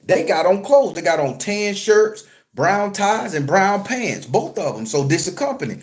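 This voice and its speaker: Animated man with a higher voice. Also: normal speed. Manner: animated, swings between loud excited retelling and low quiet murmur; crude, joking, streetwise slang. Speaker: spiritual content creator and tarot reader. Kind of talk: casual profane storytelling monologue.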